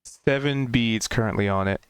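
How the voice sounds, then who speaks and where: A man narrating a tabletop game as game master, deliberate and measured. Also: medium pitch, clean tone, no echo.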